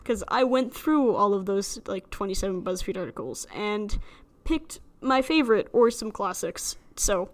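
A woman's voice: medium pitch, lively intonation, normal speed, few pauses. A young woman with a slight lisp hosting a solo podcast, chatty and rambling, joking at her own expense. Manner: chatty, rambling, self-deprecating with frequent laughs. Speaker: podcast host. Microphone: studio microphone alone in a room.

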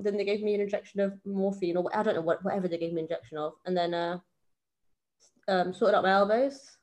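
A woman around thirty, co-hosting a podcast in casual chat and telling lively stories. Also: medium pitch, racing. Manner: chatty storyteller, animated when telling anecdotes. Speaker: podcast co-host.

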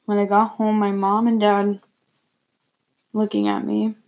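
A woman reading a first-person story aloud, plainly and a little haltingly, with repeated words. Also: medium pitch, monotone, darkish tone, low-quality recording.

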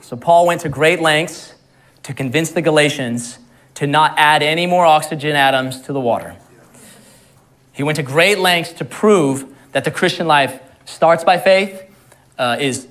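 A man's voice: fairly high pitch, unhurried, fairly bright tone. Man preaching a casual sermon. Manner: conversational, repeats words, laughs at own jokes. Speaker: pastor.

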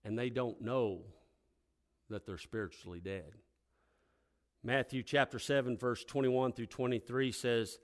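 An older man who is a pastor, telling folksy stories that build into loud, emphatic preaching. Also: medium pitch, unhurried, long pauses. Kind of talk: sermon with storytelling.

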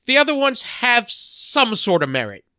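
A man's voice: extremely high pitch, wildly swooping pitch, normal speed, pushed and bright, no echo, studio quality. A man co-hosting a podcast in casual chat, easygoing and often restarting his sentences with stammers. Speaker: podcast co-host.

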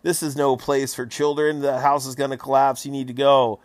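A man's voice: medium pitch, level tone, normal speed, no echo, close to an everyday voice. A man voicing a bossy older village mayor who orders people out in a stern, raised voice. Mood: commanding.

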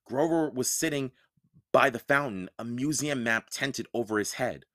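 A man's voice: medium pitch, normal speed, fairly bright tone, dry recording, clean studio sound. A man reading a first-person novel aloud as an audiobook, telling the story with expression. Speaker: audiobook reader.

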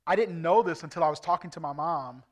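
Man in his 40s, evangelist, slightly high voice, earnest storyteller who acts out every exchange. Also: fast talker. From Indiana, USA. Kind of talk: preaching a personal testimony. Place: church service.

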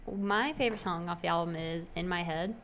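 A woman's voice: fairly low pitch, brisk, noisy background. A young woman co-hosting a podcast, talking casually about music with frequent ums. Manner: relaxed, hesitant with many ums. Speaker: podcast co-host. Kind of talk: casual chat.

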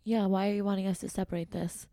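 A woman's voice: medium pitch, level tone, fast, dark tone, no room sound, studio quality. A woman co-hosting a podcast, questioning and pushing back while discussing a TV episode. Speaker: podcast co-host. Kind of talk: casual chat about a TV episode.

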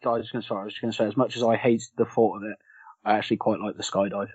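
Male co-host, husky and flat, dry and slightly dull audio. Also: on the low side, rapid-fire. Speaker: podcast co-host. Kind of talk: casual film review chat.

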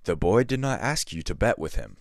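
A man's voice: low voice, big pitch swings, brisk, creaky, no room sound, exaggerated voice. A man voicing a plain-spoken boatman. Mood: matter-of-fact. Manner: matter-of-fact, soft-spoken.

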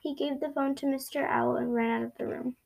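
A woman reading a children's storybook aloud in an expressive way, with small slips. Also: high-pitched, a little fast, vocal fry, low-quality recording. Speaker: storybook reader.

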